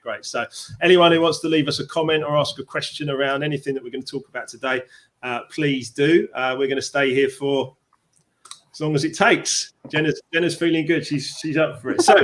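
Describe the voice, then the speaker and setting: A man's voice: fairly high pitch, steady tone, fairly quick, fairly bright tone. A man with a London Cockney accent hosting a live stream chat as a success coach, rambling with many fillers and restarts over a video call.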